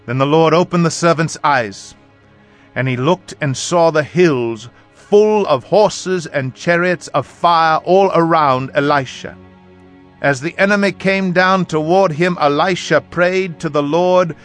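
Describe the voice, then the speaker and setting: A man reading scripture aloud in a measured, solemn manner. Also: on the high side, a bit bright. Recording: faint music behind.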